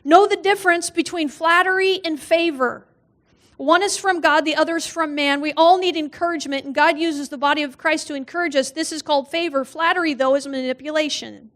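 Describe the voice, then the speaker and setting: A woman's voice: sits high, steady tone, brisk, a bit bright. A woman guest speaker giving a humorous sermon in a church, telling personal stories, acting out quoted voices and laughing often.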